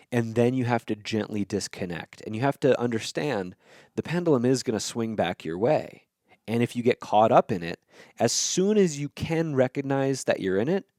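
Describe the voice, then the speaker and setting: A man with a fairly low voice lays out his ideas in a loose, unscripted monologue. He is blunt and swears freely, and keeps checking in with the listener as he goes. The sound is dry and close, with no room around it. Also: a little mellow, dry recording. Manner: blunt and profane, checks in with "okay?" and "right?". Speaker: podcast host. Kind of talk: casual explanatory monologue.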